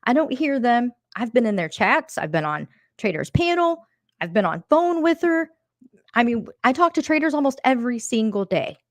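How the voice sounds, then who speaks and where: A woman's voice: a little high, no room sound, studio quality. A woman giving heated, emphatic commentary on an online dispute, repeating words as she presses her points. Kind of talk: casual commentary.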